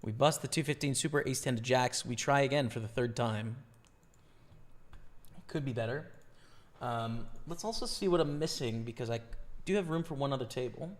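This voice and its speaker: A man with a slightly hoarse, worn voice, casually commentating his own live poker stream, thinking aloud about each hand and chatting with viewers. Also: medium pitch, moderate pace.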